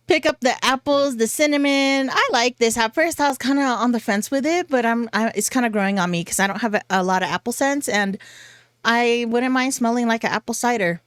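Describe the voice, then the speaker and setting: A woman's voice: medium pitch, fairly bright tone, no echo, studio quality. A woman vlogger chatting casually through a fragrance haul, giggly and chatty with goofy asides. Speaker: beauty vlogger.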